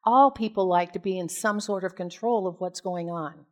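A woman's voice: fairly low pitch, normal speed. A woman preacher from the United States reads a Bible passage aloud, retelling parts of it in casual storytelling asides, then preaches on it and puts questions to the congregation. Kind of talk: scripture reading and sermon.

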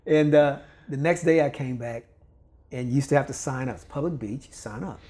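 A man's voice: medium pitch, a little fast. An older man from Kentucky, a volleyball coach, telling a story in casual talk, acting out the voices of the people in it and laughing often. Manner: animated, acts out quoted voices, laughs often. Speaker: volleyball coach, podcast guest.

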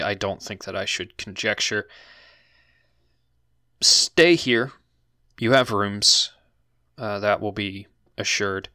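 A man running a tabletop role-playing game as game master, speaking in a halting, hesitant way. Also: lowish voice, sharp tone, no echo, studio quality.

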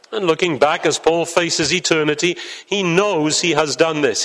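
A man's voice: fairly high pitch, moderate pace, fairly bright tone. A man preaching a sermon to a congregation in church, earnest and building to fervent emphasis. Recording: long hall reverb.

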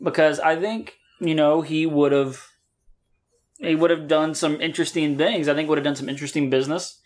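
A man's voice: fairly high pitch, steady tone, brisk. Easygoing man asking wrestling questions. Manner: easygoing, questioning, laughs often. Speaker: podcast co-host. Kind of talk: casual chat watching wrestling.

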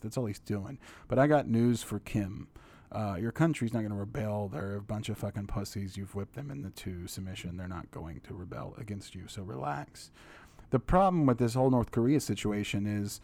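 A man's voice: on the low side, darkish tone. A man hosting a solo podcast, ranting with lots of swearing and mocking impressions. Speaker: podcast host.

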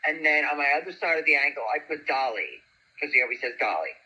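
A woman, a guest telling a story in animated, chatty talk. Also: low-pitched, fast, slightly rough, low-quality recording. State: single parent. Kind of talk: casual storytelling chat.

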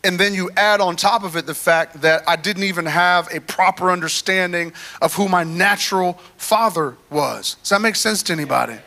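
A man preaching a sermon in a church, telling his own story in a lively, chatty way and drawing in the congregation. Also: high voice, moderate pace, hardly any pauses. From United States. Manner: animated, conversational, talks to the crowd. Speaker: guest preacher.

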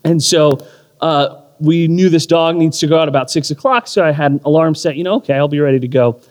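A man in his thirties preaching a sermon, telling a story with animated, self-deprecating humor. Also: a little high, fairly quick. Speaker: pastor. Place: church or community hall. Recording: long hall reverb.

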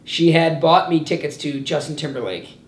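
Young male podcast host, lively storyteller, slightly high voice, roomy echo. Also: normal speed, slight background noise. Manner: animated storyteller, acts out quotes with laughs. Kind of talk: casual chat.

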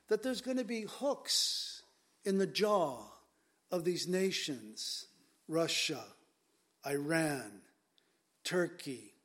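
Emphatic, conversational male preacher. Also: a little high. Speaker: pastor. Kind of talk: expository sermon.

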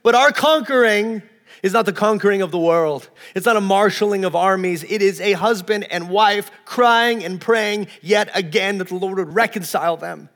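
A man's voice: sits high, moderate pace, a bit bright, long reverb tail. A man pastor preaching a sermon, earnest and emphatic, often repeating words as he builds a point.

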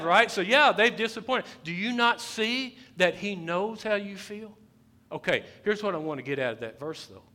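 A male pastor preaching a sermon, repeating his phrases and rising to loud, emphatic bursts. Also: high voice. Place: church sanctuary.

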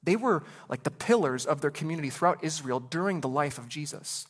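A man preaching a sermon as pastor, animated, acting out voices in the story with quick asides. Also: a little high.

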